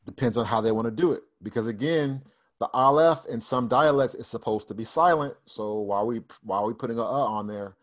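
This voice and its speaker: Relaxed man teaching over a video call. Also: medium pitch, fairly quick. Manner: conversational, loose, repeats and restarts while explaining. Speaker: Bible Hebrew teacher. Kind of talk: casual online study session. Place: online fellowship call.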